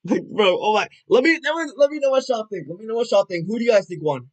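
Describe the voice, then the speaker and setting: A young man livestreaming, chatting casually and rambling, swearing a lot, with loud excited outbursts. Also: high-pitched, fast talker, muffled recording.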